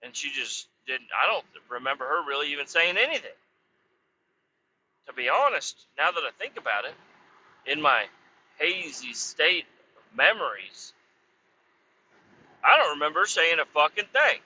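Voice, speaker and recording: Profane man rambling, very bright voice. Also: on the high side, very animated, measured pace, long pauses, a little hiss or hum. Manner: profane, meandering, self-correcting. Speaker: podcast host. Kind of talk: rambling casual storytelling. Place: outdoors beside a road. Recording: slightly muffled, dull recording.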